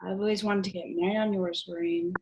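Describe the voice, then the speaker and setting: A woman's voice: mid-range voice, brisk, highs cut off, slight background noise, close to an everyday voice. A young woman acting a dry, sardonic secretary in a school play read over a video call. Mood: wry. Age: teens. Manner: deadpan, wry. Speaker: student actor. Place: at home.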